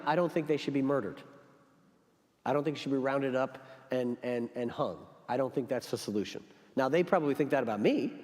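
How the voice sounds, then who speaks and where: A man, a pastor, talking earnestly and reflectively in a church discussion after a sermon. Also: fairly high pitch. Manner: earnest, reflective, tells jokes with animated voices. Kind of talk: church talk-back discussion. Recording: long hall reverb.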